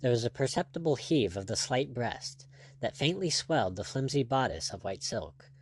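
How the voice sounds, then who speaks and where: An audiobook narrator with a mid-range voice reads from an adventure novel in a measured, expressive way, as scripted narration.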